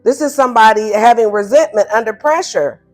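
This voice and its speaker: A woman giving a casual tarot reading, animated and blunt, who laughs often and acts out the listener's replies in playful higher tones. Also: a little fast. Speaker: tarot reader. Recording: faint music behind.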